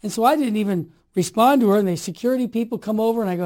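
A man in his sixties telling stories in conversation, emphatic and animated, dropping to quiet asides and rising to forceful exhortations. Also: high-pitched, rapid-fire, hardly any pauses. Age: 60s. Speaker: guest. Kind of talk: storytelling in conversation.

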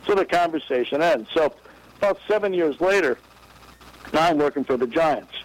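A man's voice: fairly high pitch, normal speed, low-quality recording. A baseball executive telling an anecdote in an interview, acting out the voices of the people he quotes. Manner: lively storyteller, acts out quoted voices.

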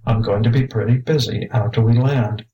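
A man's voice: medium pitch, fairly even intonation, moderate pace, highs cut off, natural voice. A man reading as a friendly spaceship crewman. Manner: easygoing, chuckling. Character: tall spidery friendly male crewman.

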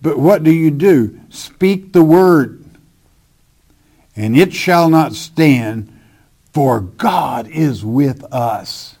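A man's voice: medium pitch, expressive, darkish tone, breathy edge. A man preaching a sermon, emphatic, repeating key phrases and calling his listeners friend, stretching out the words he stresses. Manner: drawls slowly on stressed words.

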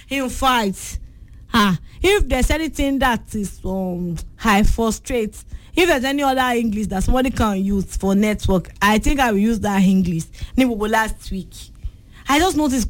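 A young Nigerian woman with a Yoruba-influenced accent hosting a call-in radio show, chatty and bubbly, slipping in and out of Yoruba. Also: fairly high pitch. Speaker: radio presenter taking callers. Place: radio studio.

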